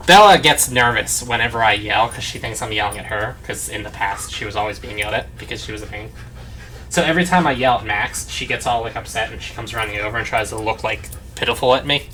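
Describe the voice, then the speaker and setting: A man hosts a let's play from his parents' home, rambling away in casual commentary and leaning hard on "like" fillers. His voice is bright and very animated, rising and dipping all over, and dogs bark nearby with a faint hiss of noise underneath. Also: mid-range voice, fairly quick. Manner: rambling, chatty, full of "like" fillers. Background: dogs barking nearby.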